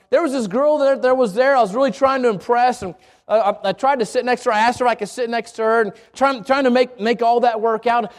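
A middle-aged male pastor telling a personal story in a sermon, with frequent restarts and repeated words. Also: high voice. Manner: storytelling with many restarts and stammers.

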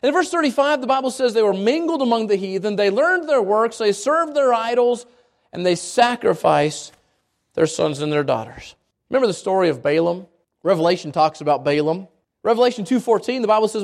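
A man preaching a folksy, animated sermon, often restarting his phrases as he tells Bible stories. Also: high voice, a little fast. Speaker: pastor.

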